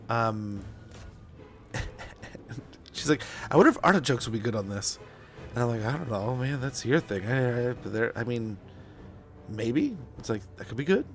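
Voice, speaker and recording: A young man chatting casually and rambling while playing a strategy game on stream, with lots of fillers. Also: mid-range voice. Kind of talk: casual gameplay chat.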